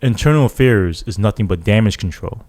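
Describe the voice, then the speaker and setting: A man's voice: on the low side, brisk. A police sergeant, a man, tells a story in casual podcast talk, acting out the dialogue and often checking in with "right?". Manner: animated retelling, acts out quoted dialogue, keeps checking in with "right?".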